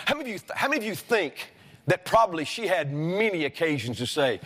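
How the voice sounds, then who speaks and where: A man's voice: on the high side, very animated, fast talker, a bit bright, long reverb tail. A male pastor preaching a sermon, emphatic and repeatedly questioning his congregation. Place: church sanctuary.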